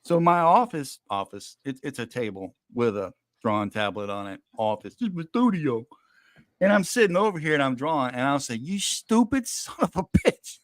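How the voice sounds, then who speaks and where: A man's voice: medium pitch, big pitch swings, moderate pace, dry recording, studio quality. A man in casual chat on a talk show, telling self-deprecating, joking stories.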